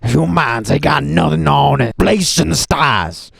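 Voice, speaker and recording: A gravelly, rasping voice, high for a man, belongs to a crude nihilist who rants with profane aggression and hammers the same words again and again, as a man puts him on. The husky tone carries no room sound at all, close and dry. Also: a little slow, fairly bright tone, no room sound, full character voice. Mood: belligerent. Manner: aggressive, profane, repeats himself.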